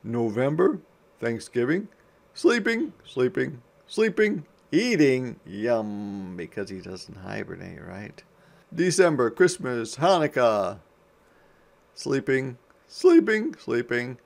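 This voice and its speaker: A man's voice: medium pitch, lively intonation, takes it slowly, vocal fry. A male teacher giving an interactive read-aloud for young children, asking questions and answering his own prompts.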